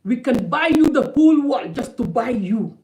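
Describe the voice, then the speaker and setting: A woman from Africa speaks straight to camera in an opinionated vlog. Her voice is fairly high, and her delivery is blunt and emphatic, with points repeated for stress. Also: animated, moderate pace, mellow, slight background noise, poor audio. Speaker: vlogger.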